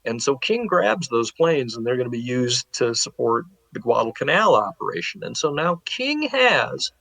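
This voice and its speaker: A man speaking as a guest historian, recounting history in a loose, conversational way. He tells it with animation and slips in paraphrased remarks from the people involved. His voice is mid-pitched and the sound is dry and close, with no room echo. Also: very animated, moderate pace, creaky, bright, forceful tone. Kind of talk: casual spoken history storytelling.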